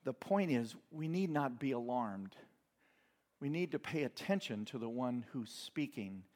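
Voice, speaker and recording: A man of middling pitch preaches a sermon. He keeps it conversational, dropping in asides and the odd chuckle as he talks to his congregation. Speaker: pastor.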